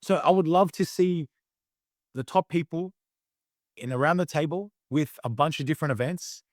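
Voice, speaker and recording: A man's voice: on the high side, normal speed, no echo. Aussie guy chatting on a podcast, hyped and rambly, dry close mic. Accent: Australian. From Australia. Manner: enthusiastic, loose storytelling with many fillers. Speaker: guest, competitive eater. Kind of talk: casual interview chat.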